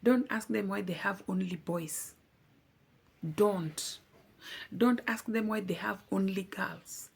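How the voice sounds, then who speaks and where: A woman's voice: medium pitch, slow, creaky, husky. A young adult woman vlogger giving a heartfelt personal testimony, earnest and pleading, repeating words for emphasis.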